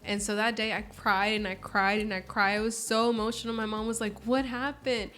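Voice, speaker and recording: With soft music underneath, a woman in her early twenties talks fairly quickly in a medium-pitched, level voice that comes across pushed and bright. She's a podcast guest chatting casually, narrating stories with expression and acting out quoted lines.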